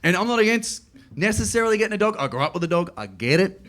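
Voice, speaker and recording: A middle-aged man with an Australian accent doing a stand-up comedy routine, telling stories quickly and slipping into playful voices. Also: high-pitched. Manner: animated, quick storytelling with playful put-on voices. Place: comedy club stage.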